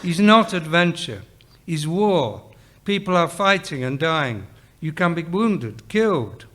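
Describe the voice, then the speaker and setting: A man's voice: a little high, sing-song, a bit bright, exaggerated voice. Man voicing a grave Italian woman. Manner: grave, dry, deliberate. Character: weary, serious Italian woman activist.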